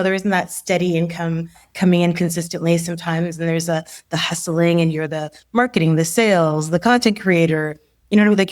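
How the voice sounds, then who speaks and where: Animated woman in her forties, lowish voice. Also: dry recording, clean studio sound. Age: 40s. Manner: animated storyteller who acts out quotes, laughs often. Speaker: leadership coach, podcast guest. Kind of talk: casual interview conversation.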